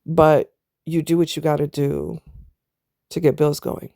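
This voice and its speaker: A woman's voice: low voice, unhurried, gravelly, dark tone, no echo, clean studio sound. A middle-aged woman telling a personal story in a candid, casual vlog, speaking straight to her viewers. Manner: candid, talks straight to viewers with southern US slang. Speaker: vlogger.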